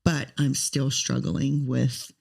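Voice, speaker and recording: A woman's voice: rumbling low, level tone, slow pace, creaky, darkish tone. A woman in her thirties co-hosting a podcast, telling a personal story in an earnest, talkative way. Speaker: podcast co-host.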